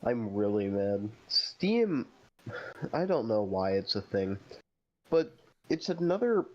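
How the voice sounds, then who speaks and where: A man's voice: on the low side, sing-song, a little slow, a little mellow. A man co-hosting a casual chat over a remote call, rambling with lots of filler words. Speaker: co-host. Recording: dull lo-fi call audio.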